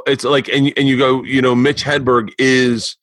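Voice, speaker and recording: A man at an ordinary middle pitch hosts a podcast chat. He talks loosely, swears casually, and asks his guest questions with curiosity. The recording is dry and close-miked. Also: level tone, moderate pace, a bit bright, dry recording. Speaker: podcast host.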